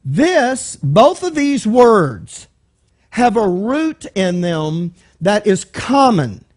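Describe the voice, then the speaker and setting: A man with a Texan accent and a high-pitched voice leads a Bible study in a church meeting room. He talks in a loose, conversational way, picks words apart one at a time and keeps asking his listeners questions. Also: sing-song, extremely slow. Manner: conversational, explains word by word, asks the room questions. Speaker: Bible teacher.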